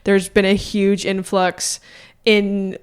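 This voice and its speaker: Smooth-voiced friendly woman. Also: medium pitch, monotone, slow. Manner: friendly, earnest, agreeable. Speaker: podcast co-host. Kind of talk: casual chat.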